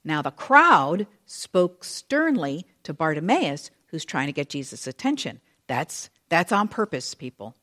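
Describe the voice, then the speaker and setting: A woman teaching a Bible study in a chatty, conversational way, full of asides and lively retelling. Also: sits low, unhurried, hardly any pauses. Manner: expressive, animated retelling.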